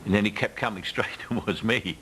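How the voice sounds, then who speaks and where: A man's voice: lowish voice, fairly quick, fairly bright tone, slight background noise, low-quality recording. A man in his seventies with a Cockney London accent, telling anecdotes in an interview and putting on other people's voices when he quotes them. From England. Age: 70s. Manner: storytelling, mimics others in quotes. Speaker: interviewee actor. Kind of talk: casual anecdotal chat.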